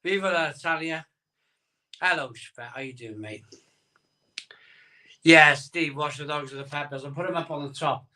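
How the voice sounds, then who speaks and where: Bright-voiced man rambling on a stream. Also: a little high, moderate pace, long pauses, distant mic. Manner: rambling, reads viewer comments aloud. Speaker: live-stream host. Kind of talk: casual live-stream chat. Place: home room, live stream.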